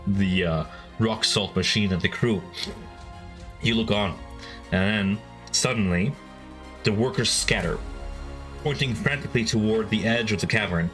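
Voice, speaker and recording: A man runs a tabletop game, narrating scenes in a low voice. He keeps it casual and loose, dropping "like" and "uh" throughout, over faint background music. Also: unhurried, pauses often, a bit bright, poor audio. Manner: casual, many fillers like "like" and "uh". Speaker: game master.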